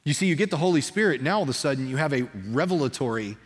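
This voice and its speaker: Conversational pastor preaching in a reverberant hall. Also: male voice, mid-range voice, racing, slightly rough. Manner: conversational, animated, acts out dialogue. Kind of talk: sermon.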